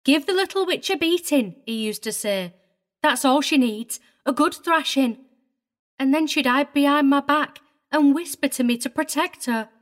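A woman's voice: high voice, moderate pace, natural voice. A woman voicing a prim, tearful middle-aged governess in a dramatized audiobook reading, agitated and wavering. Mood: vehement, tearful.

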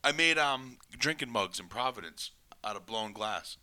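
Casting: male co-host, very bright edgy tone, laid-back profane chat, dry sound. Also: medium pitch, lively intonation, normal speed, no echo. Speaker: podcast co-host. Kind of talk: casual chat.

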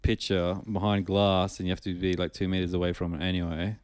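A man's voice: sits low, little pitch movement, brisk, a little mellow, dry recording. A man co-hosting a podcast in casual chat, laid-back and blunt. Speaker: podcast co-host.

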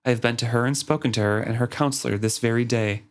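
A man's voice: medium pitch, fairly even intonation, quick pace, close to an everyday voice. A man reading aloud as an earnest young woman who speaks bluntly. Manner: blunt, matter-of-fact.

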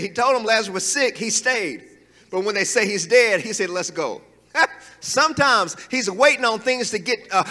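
A man's voice: very high-pitched, bright, forceful tone, in a large hall. A man preaching a sermon in a conversational, emphatic way, with asides and chuckles.

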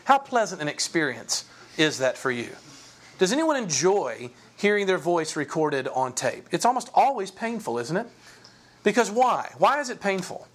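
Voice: medium pitch, sing-song, normal speed. A Bible teacher giving an informal class, talking conversationally, often repeating words and checking in with rhetorical questions.

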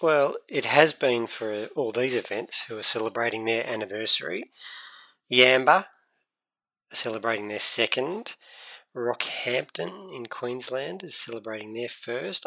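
A man's voice: mid-range voice, expressive, a little slow, vocal fry, pushed and bright, dry recording. A man co-hosting a podcast, upbeat as he introduces segments in casual chat. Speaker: podcast co-host.

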